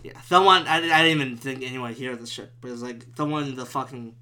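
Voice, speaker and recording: A man who used to do stand-up goes off on a profane, rambling, exasperated solo podcast rant from a room at home with the window open. He speaks at medium pitch, a little fast, with a bright, forceful tone.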